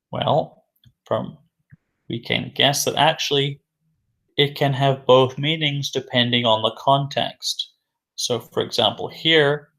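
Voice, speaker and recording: A male English teacher talks through a vocabulary lesson at an unhurried pace. His voice sits at an ordinary middle pitch. He repeats each new phrase and answers his own questions in a patient, measured way. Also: creaky, a bit bright. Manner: slow and deliberate, repeating key words; asks questions then answers them himself.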